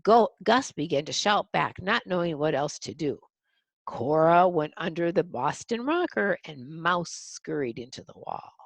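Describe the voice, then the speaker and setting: A woman reads a children's picture book aloud and stops to talk through each picture. Her low voice is husky with a gravelly edge and moves up and down a lot. The sound is dry and close. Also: lively intonation, unhurried, dry recording. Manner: explains the pictures to young listeners. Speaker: storybook reader.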